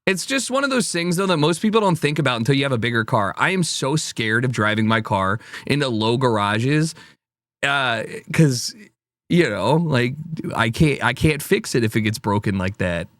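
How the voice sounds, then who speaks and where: A man's voice: medium pitch, expressive, normal speed, a bit bright, no echo. A man streaming casual reaction commentary, rambling and swearing with a wry, offhand manner.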